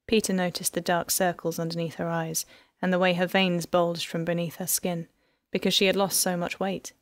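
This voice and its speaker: A woman narrating an audiobook in an even, measured storytelling manner. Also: fairly low pitch, no echo. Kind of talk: scripted narration.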